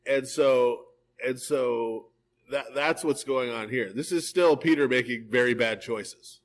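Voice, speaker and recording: The speaker is a priest running a live, verse-by-verse Bible study in a church hall, talking at a medium pitch and a little slowly. He reads the text, then retells it in a casual, spirited manner full of "right?" asides, and the recording is rough.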